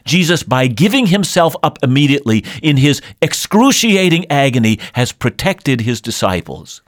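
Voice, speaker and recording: A man's voice: mid-range voice, very animated, normal speed, no room sound, clean studio sound. A man preaching a sermon in an earnest, emphatic way. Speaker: pastor. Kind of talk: radio sermon.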